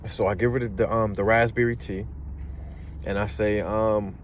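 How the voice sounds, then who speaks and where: A man's voice: fairly low pitch, normal speed, a little hiss or hum. A young man casually telling a personal story, acting out the voices of the people in it. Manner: animated, acts out voices in the story.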